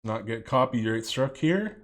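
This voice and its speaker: A man's voice: medium pitch, expressive, a little slow. A man in his late twenties ranting in a reaction commentary, swearing a lot, rambling and laughing often.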